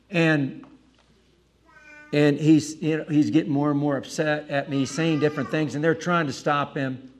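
A male preacher tells a personal dinner-table story with lively energy. He jumps into asides, pokes fun at himself, and acts out the scene as he goes. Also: on the high side, moderate pace, a little hiss or hum. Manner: animated, self-mocking asides, acts out the scene. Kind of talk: anecdotal storytelling.

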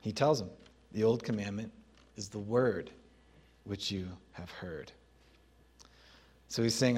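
A man preaching a sermon as pastor, teaching in a conversational way with pauses. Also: on the low side, a little mellow, slightly rough.

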